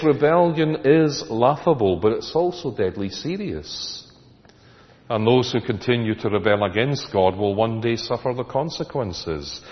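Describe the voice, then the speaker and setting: Male pastor, lowish voice, emphatic preaching, dull lo-fi recording. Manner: emphatic, rhetorical questions to the congregation. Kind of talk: sermon. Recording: echoey hall, dull lo-fi sound.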